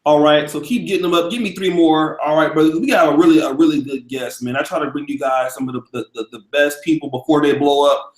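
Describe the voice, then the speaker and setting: A man's voice: on the high side, steady tone, quick pace, hardly any pauses, roomy sound, poor audio. A man hosting a live stream in a loose, profane, casual way, hyping up his audience. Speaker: livestream host.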